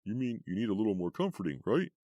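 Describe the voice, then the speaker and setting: A man voicing a nervous teenage boyfriend in an audiobook, speaking a bit higher and louder than his own voice. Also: very animated, quick pace, dry recording, highs cut off. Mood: teasing.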